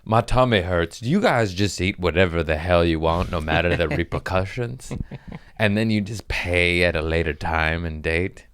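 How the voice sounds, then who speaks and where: Male comic podcast host, deep and clean-toned, rambling and goofy, dry studio sound. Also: normal speed, hardly any pauses, fairly bright tone, clean tone, no room sound. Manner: rambling, self-mocking, playful voice shifts. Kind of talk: casual comedic monologue.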